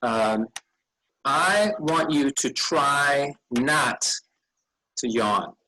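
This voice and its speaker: A man's voice: mid-range voice, extremely slow, sharp tone, poor audio. A tired man leading a vacation Bible school session, chatting casually with children and rambling a bit as he loses his train of thought. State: tired, yawning.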